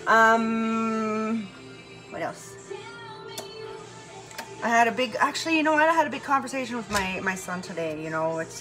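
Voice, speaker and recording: Woman vlogger, tired, casual and foul-mouthed, rambling at home with loud music behind. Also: a little high. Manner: chatty, profane, meandering, often laughing. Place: her bedroom at home. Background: music playing.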